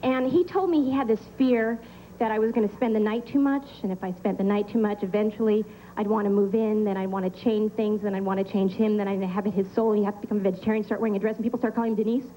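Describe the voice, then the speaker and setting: A woman performing a stand-up comedy set, delivering deadpan one-liners with pauses for laughs on a club stage. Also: mid-range voice, slight background noise, low-quality recording. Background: audience laughter.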